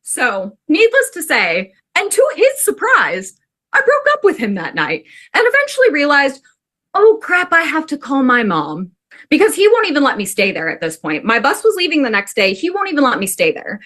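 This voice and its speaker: A woman from the Pacific Northwest telling a personal story to a class in an animated, chatty way, full of "like". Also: high voice, a little fast. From Pacific Northwest, USA. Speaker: student storyteller.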